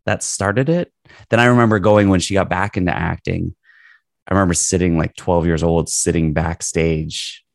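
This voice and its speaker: A man around forty, a podcast guest telling stories from his childhood in an animated, rambling way. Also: sits low, normal speed, creaky, no echo, studio quality. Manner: animated, rambling storyteller with fillers. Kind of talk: storytelling in casual conversation.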